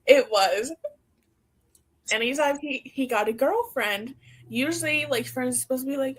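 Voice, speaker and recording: A woman's voice: sits high, measured pace, husky. Give me a young woman in a casual podcast chat who laughs as she talks. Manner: laughs often while talking, lots of "like". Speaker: podcast co-host.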